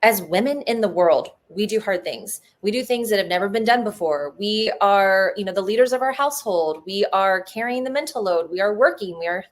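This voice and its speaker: A woman guest in a casual interview, talking in an earnest, emotional way and telling personal stories in a fast flow with many fillers. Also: medium pitch, expressive.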